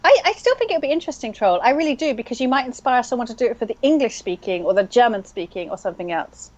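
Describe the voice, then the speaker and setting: A woman's voice: fairly high pitch, animated, fast talker, darkish tone, dull audio. A woman co-hosting a game stream in casual chat, thinking aloud with lots of fillers. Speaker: stream co-host. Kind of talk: casual chat while playing online mahjong.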